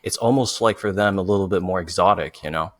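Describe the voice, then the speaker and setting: A man's voice: low-pitched, quick pace. A man whose first language is French, hosting a casual conversation and talking chattily with many likes and you knows. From France. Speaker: host.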